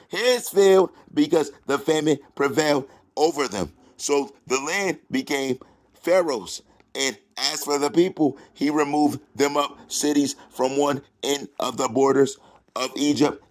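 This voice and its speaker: A man reading scripture aloud and breaking off into loud preaching and taunting, drawling slowly through the verses. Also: on the high side. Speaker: self-styled preacher.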